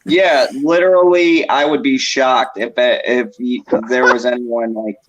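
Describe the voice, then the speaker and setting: A podcast co-host telling stories in a giggly, animated casual chat. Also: mid-range voice, unhurried, noisy background. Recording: dull lo-fi sound.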